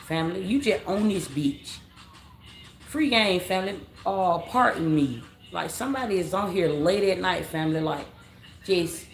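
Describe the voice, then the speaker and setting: A woman reading tarot on a late-night live stream, talking casually in slang, rambling, repeating herself and calling her viewers family. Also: fairly low pitch. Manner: rambling, repeats phrases, scolds commenters. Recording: roomy echo with faint background noise.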